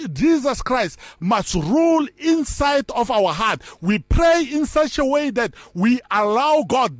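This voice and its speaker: High-voiced man preaching. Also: no echo, clean studio sound. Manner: repeats words and phrases, preacherly emphasis on key lines. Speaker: pastor. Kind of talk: bible teaching talk.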